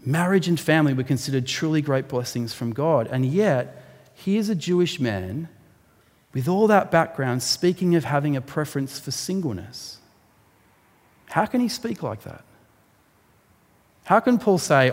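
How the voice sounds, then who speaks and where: A man preaching a sermon, explaining a Bible passage in an animated way and rising sharply for emphasis. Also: fairly high pitch, measured pace, long pauses. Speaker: pastor. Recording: long hall reverb.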